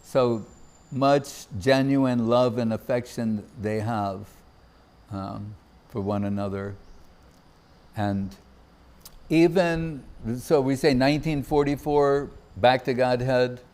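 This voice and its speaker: A man's voice: mid-range voice, slow pace. A man giving a devotional festival talk, telling anecdotes and acting out the voices of the people he quotes. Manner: anecdotal, warm laughter, acts out quoted voices. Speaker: Gaudiya Vaishnava speaker. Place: temple festival gathering.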